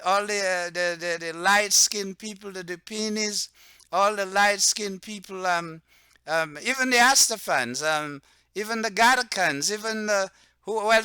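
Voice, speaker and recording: A self-styled religious leader from Dominica, whose first language is Antillean Creole (Patois), speaks off the cuff to camera in a high-pitched, sharp voice, recorded smooth, dry, and close to the mic. He rambles, keeps tossing in "okay?" and "right?", and grows heated and slower whenever he drives a point home.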